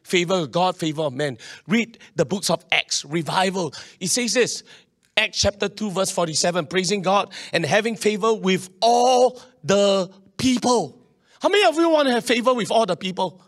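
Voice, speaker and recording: A man preaching a sermon, animated, with local particles and many restarts. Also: sits high, normal speed. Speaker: pastor.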